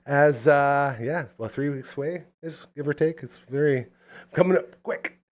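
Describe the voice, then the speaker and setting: A man's voice: a little high, measured pace. A man hosting a casual talk podcast, telling stories in a chatty way and reading sponsor plugs playfully. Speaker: podcast host. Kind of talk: casual chat.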